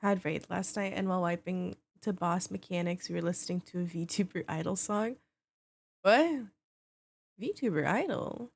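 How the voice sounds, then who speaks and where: A woman's voice: lowish voice, gravelly. A woman game streamer chatting casually with her viewers, bubbly, greeting them by name and swearing offhandedly.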